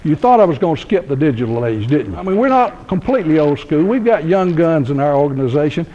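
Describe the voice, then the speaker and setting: The audio is lo-fi, capturing a fast-talking man whose voice is on the high side, sing-song, and dark in tone. He is a Georgia native in his sixties giving a keynote storytelling speech at a university lecture hall, full of folksy humor and laughter at his own anecdotes.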